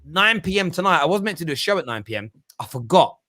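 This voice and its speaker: A man's voice: on the high side, sing-song, fast talker, pushed and bright. Cockney man hosting a football show. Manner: laughs often, repeats words. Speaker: host. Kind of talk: casual football podcast chat.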